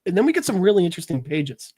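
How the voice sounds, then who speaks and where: A man's voice: high voice, big pitch swings, very fast, warm tone, husky, dry recording, clean studio sound. Rambling man recapping a comic. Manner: rambling, filler-heavy storytelling. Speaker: podcast host. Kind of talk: casual comic book recap.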